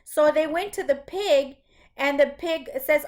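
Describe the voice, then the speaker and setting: A first-grade teacher with a high-pitched voice reads a story aloud at a measured pace during a classroom lesson. She patiently explains it to the young children.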